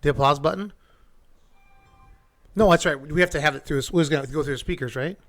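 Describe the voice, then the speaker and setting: A middle-aged man hosting a casual live stream, excitable and goofy, often restarting his sentences. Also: a little high, brisk. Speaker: show host.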